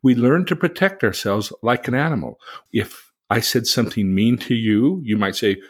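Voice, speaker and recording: A middle-aged man with a husky, slightly rough voice at an ordinary pitch, talking earnestly as a co-host. He explains ideas patiently, like a teacher, and now and then acts out a heated reaction to make his point. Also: expressive, normal speed. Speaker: podcast co-host. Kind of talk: conversational teaching talk.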